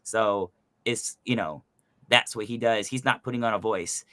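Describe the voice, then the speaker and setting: Bright-voiced man explaining voice acting. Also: lowish voice, normal speed, no echo. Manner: animated, explains with many fillers. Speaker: voice actor guest. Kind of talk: casual podcast chat.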